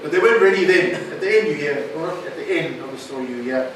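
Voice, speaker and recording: Man preaching, high voice, echoey hall, far from the mic, emphatic, faint room noise. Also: lively intonation, fast talker, fairly bright tone. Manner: emphatic, questioning the audience. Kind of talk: sermon. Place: recovery centre meeting room.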